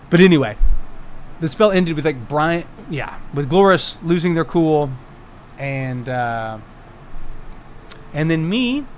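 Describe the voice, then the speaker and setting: A man's voice: fairly high pitch, expressive, a little slow, a little hiss or hum. A man who runs a tabletop game, chatting casually on a live stream from home, laughing often and swearing freely.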